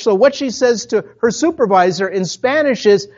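A pastor from Minnesota with a Minnesotan accent, preaching a sermon in a conversational storytelling way, full of asides to the congregation. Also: male voice, extremely high pitch, lively intonation, normal speed, hardly any pauses, darkish tone, dull audio. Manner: conversational, with self-interrupting asides.

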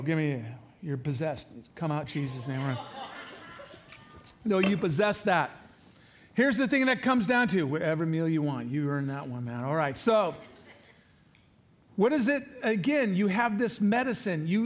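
A man preaching as a pastor in a church before a congregation, animated and conversational, joking and making asides to the people in the room. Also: sits high. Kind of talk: sermon.

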